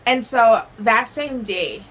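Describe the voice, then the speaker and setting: Teen girl vlogger, dramatic storyteller, slightly high voice, faint hiss behind. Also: slow, poor audio. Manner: animated, dramatic retelling with quoted voices. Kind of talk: casual storytime vlog.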